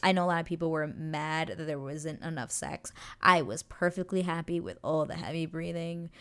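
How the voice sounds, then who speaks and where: A woman's voice: low voice, normal speed, fairly bright tone, clean tone. A young woman hosting a show, casually recapping a scene in a gushing, breathless way. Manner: gushing, breathless retelling with acted quotes. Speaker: show reaction host.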